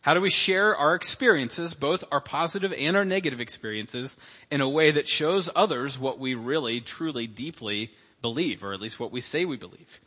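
A man's voice: medium pitch, moderate pace, sharp tone, breathy edge, long reverb tail. A man pastor delivering a sermon in a conversational way, with asides and acted-out quotes. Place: church sanctuary.

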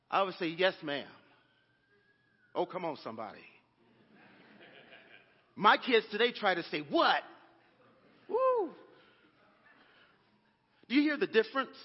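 High-voiced preaching man in a church. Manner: preaching with call-and-response asides to the congregation. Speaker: pastor. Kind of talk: sermon. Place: church sanctuary. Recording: dull, echoey church recording.

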